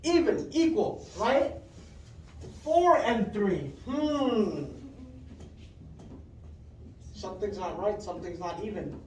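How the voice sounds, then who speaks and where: A classroom teacher leading a math lesson, patiently repeating questions, checking with "right?", and calling on pupils by name with quick praise. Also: mid-range voice, expressive, a little mellow, slight background noise. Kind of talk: fifth-grade math lesson. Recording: roomy classroom heard from a distance.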